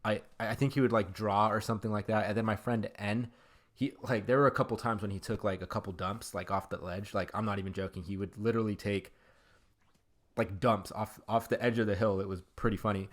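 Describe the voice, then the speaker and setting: Over game footage, a gaming YouTuber rambles through a funny personal story, animated and packed with fillers. His voice sits lowish and moves briskly.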